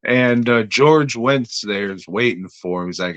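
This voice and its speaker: A man's voice: mid-range voice, measured pace, hardly any pauses, clear, resonant tone, no room sound, dull audio. A man reviewing a horror episode in casual, rambling podcast talk, crude and offhand.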